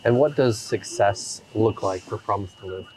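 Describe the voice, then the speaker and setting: A man's voice: lowish voice, normal speed, a crowd in the background. A man hosting a podcast interview, talking in a conversational, reflective way. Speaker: podcast host.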